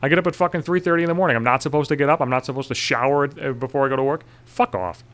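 Young man, profane comic rant, exasperated, swearing a lot, medium pitch. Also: very fast, fairly bright tone. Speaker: storyteller.

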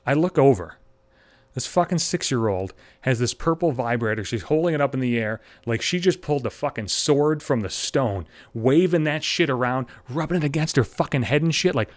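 A man's voice: medium pitch, normal speed. A man in his thirties telling a long self-deprecating anecdote, swearing constantly and acting out the people in it. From Buffalo area, US. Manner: self-deprecating, heavy swearing, animated acted-out quotes. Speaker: stand-up comedian. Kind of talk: profane anecdotal storytelling.

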